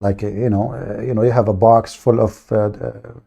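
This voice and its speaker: This livestream host speaks at normal speed in a fairly low, creaky, warm voice with little pitch movement. Combative throughout, his heated rant is aggressive, mocking and insulting.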